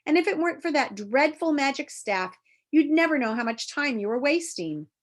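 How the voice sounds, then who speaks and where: A woman's voice: high-pitched, sing-song, normal speed, voice pushed up. A woman voicing a sly, sneering male demon of petty tasks in a storybook reading, menacing and coaxing. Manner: menacing, then soft and deceitful.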